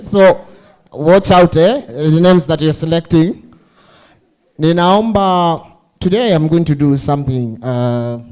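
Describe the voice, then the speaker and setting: Man as emcee, mellow tone, joking with the audience. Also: on the high side, clean tone, low-quality recording. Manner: playful, teasing, asks the crowd questions. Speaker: master of ceremonies.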